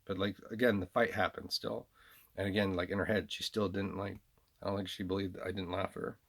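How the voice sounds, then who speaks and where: A man's voice: low-pitched, flat delivery, fast talker, creaky, fairly bright tone. A man from the American South talking in a rambling personal monologue, hesitant, repeating himself with lots of fillers and restarts. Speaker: vlogger.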